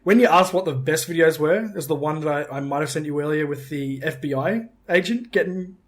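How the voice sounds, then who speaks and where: A young man in casual podcast chat, excitable and swearing, laughing often between quick asides. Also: fairly high pitch. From Australia. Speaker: podcast co-host.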